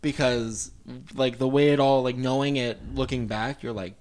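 A man's voice: medium pitch, steady tone, moderate pace, a little mellow. Man animatedly retelling a film's plot. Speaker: podcast host. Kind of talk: casual chat.

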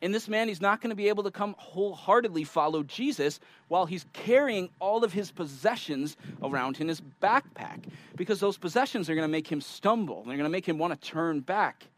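Lively, animated male preacher. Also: sits high, fairly quick, hardly any pauses, poor audio. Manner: animated, conversational preaching with asides to the congregation. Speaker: pastor. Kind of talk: sermon with scripture reading.

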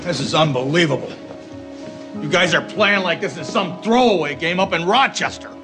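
An actor playing a tough, furious male hockey coach who yells at his players in a film scene, with music behind. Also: fairly high pitch, expressive, moderate pace. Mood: angry. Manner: yelling, harsh, berating.

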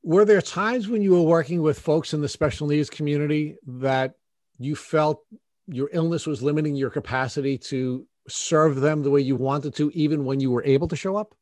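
Higher-voiced male interviewer, dry sound. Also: moderate pace, a little mellow, no echo. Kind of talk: interview questions.

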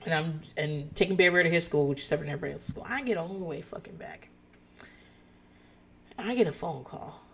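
Woman, 30s, podcast host; profane, animated storyteller who laughs a lot. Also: low voice, fast talker, creaky, long pauses, breathy edge. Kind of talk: casual storytelling chat.

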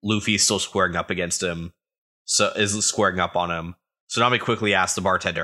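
Man, podcast co-host, lowish voice, bright and forceful tone, casual manga recap, joking asides. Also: steady tone, brisk.

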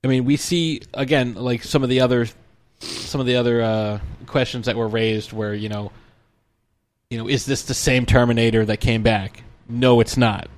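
A man's voice: medium pitch, flat delivery, moderate pace. A man chatting casually about movies, rambling with lots of fillers and restarts. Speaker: film commentator. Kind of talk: casual film discussion.

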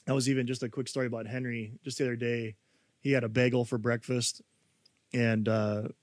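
A male pastor preaching a sermon in a conversational, animated way, full of rhetorical questions. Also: mid-range voice, brisk, no room sound.

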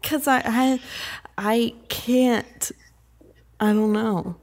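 A woman in a casual chat who has the hiccups, giggles a lot and speaks slowly. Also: a little high, fairly even intonation, a little mellow.

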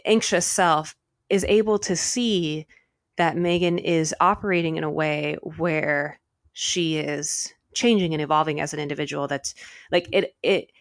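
A woman co-hosting a casual spiritual podcast, animated and swearing now and then, a little out of breath. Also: low voice, measured pace, dry recording, studio quality. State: slightly out of breath. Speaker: podcast co-host.

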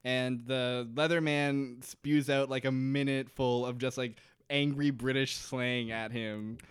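A man's voice: medium pitch, level tone, slow pace, clean tone, dry recording, studio quality. Laughing, joking podcast man. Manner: jokey, laughing, acting out characters' lines. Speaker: podcast co-host. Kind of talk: casual chat recapping a TV episode.

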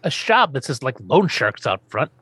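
Animated man recapping an old sitcom. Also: medium pitch, normal speed, husky, no room sound. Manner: animated, laughs often, quotes characters. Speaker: podcast host. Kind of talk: casual chat recapping a TV episode.

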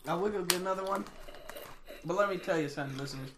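A man's voice: high voice, rapid-fire. A young man guesting on a casual chat, playful and teasing. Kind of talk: casual chat among friends. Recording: noticeable background noise.

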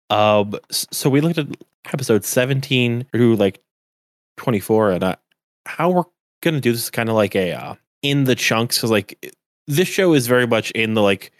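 A man with a mid-range voice and lively intonation talks at a moderate pace as a podcast co-host, chatting casually and rambling with lots of "like" fillers. The sound is clean studio quality with no room sound.

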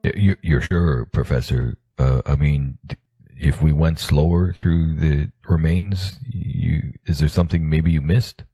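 A man's voice: extremely low pitch, steady tone, measured pace, warm tone, slightly rough, no echo. A man playing a tabletop game, joking around with stammering restarts. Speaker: player. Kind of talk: casual tabletop play.

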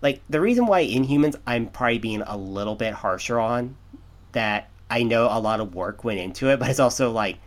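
A man's voice: medium pitch, lively intonation, brisk. An American man co-hosting a podcast, rambling in casual chat full of restarts and fillers. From United States. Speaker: podcast co-host.

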